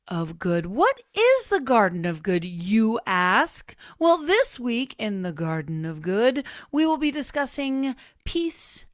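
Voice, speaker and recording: A woman's voice: a little high, no room sound, studio quality. A woman hosting an online creativity gathering from her home, talking in a playful, self-mocking, upbeat way. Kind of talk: casual spiritual group talk.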